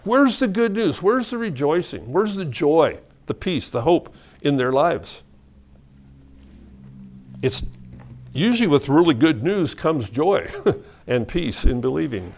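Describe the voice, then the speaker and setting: Halting, conversational male preacher. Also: fairly high pitch, very animated. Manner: conversational, halting, with restarts and soft laughs. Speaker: pastor. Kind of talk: evening Bible study sermon.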